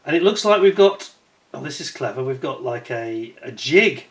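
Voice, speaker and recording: A man's voice: mid-range voice, lively intonation, moderate pace. A man giving a casual hands-on review of a scale model kit, chatty and admiring, with wry self-mocking asides.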